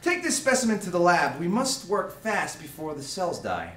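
An exasperated, bossy mad scientist, acted by a man barks orders at his bumbling crew. His voice is high and jumps around a lot. It comes from afar in an echoey room with faint noise. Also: huge pitch swings, moderate pace, recorded from a distance, heavily acted. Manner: exasperated, commanding, prone to shouting. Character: bossy male mad scientist in a horror hosting show.

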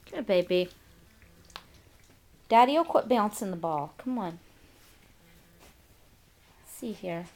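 A woman's voice: medium pitch, animated, slow, long pauses, a little mellow. A woman filming her dogs' birthday party at home, cooing baby talk to them and laughing often. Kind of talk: home video chat, baby talk to dogs. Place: home, indoors. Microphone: handheld camcorder.

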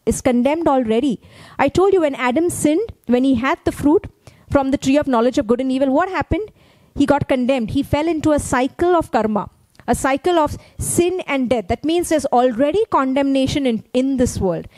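High-voiced woman preaching a sermon. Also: lively intonation, normal speed, a little mellow, no echo. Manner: conversational preaching, frequent "okay?" check-ins. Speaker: pastor.

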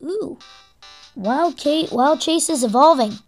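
A woman's voice: high-pitched, lively intonation, slow pace, darkish tone, soft background music. A young woman giving gameplay commentary, exasperated and swearing at the game as she plays. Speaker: let's play gamer.

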